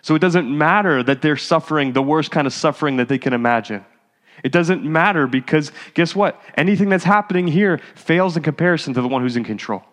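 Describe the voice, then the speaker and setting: A man's voice: on the high side, lively intonation, brisk, fairly bright tone. A male pastor giving a sermon in a casual, conversational way that rises to fervent exhortation. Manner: conversational preaching, rising to exhortation. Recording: hall reverb.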